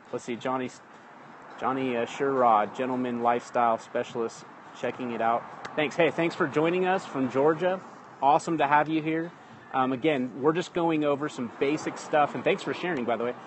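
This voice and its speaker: A man's voice: medium pitch, background noise. A man hosting a casual live-streamed lesson from his phone outdoors. He talks in a chatty way, keeps checking in with "okay?" and greets viewers mid-talk. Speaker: livestream host teaching communication basics. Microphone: phone livestream.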